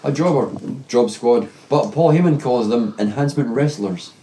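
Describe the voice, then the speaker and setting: A man with a Scottish accent co-hosting a casual podcast, talking in an animated way and slipping into the voices of people he quotes. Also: mid-range voice, normal speed, a little hiss or hum, low-quality recording. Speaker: podcast co-host. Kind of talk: casual chat reviewing wrestling.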